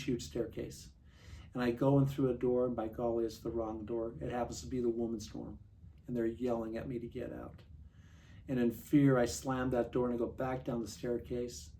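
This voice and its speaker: A man in his sixties giving an earnest personal recovery testimony, confiding and slowing down for vivid details. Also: medium pitch, dark tone. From Montana. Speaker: recovery speaker. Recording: distant mic, faint room noise.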